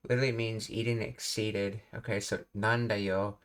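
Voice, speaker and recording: A man's voice: lowish voice, level tone, moderate pace, fairly bright tone. A man working through a casual language lesson, thinking aloud with fillers and reading out explanations. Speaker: language teacher.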